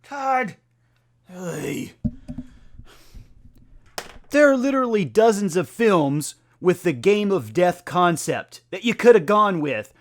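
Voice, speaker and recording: A man's voice: high-pitched, big pitch swings, slow, long pauses, voice pushed up, exaggerated voice. A man voicing an exasperated, nitpicking male film buff who scolds and lists films in disbelief.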